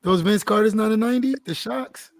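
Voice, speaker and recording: A man on a casual panel chat who asks questions in an unhurried, curious way. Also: sits high, vocal fry.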